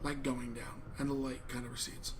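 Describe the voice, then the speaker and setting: A man's voice: mid-range voice, level tone, moderate pace, noisy background. A man narrating a tabletop game as game master, describing scenes to the players.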